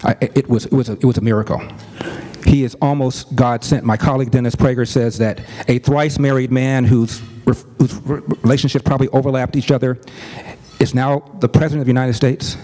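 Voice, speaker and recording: A middle-aged man telling a family story as a commentator, earnest and deliberate, stressing points with repetition. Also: medium pitch, fairly even intonation, warm tone. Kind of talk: storytelling speech.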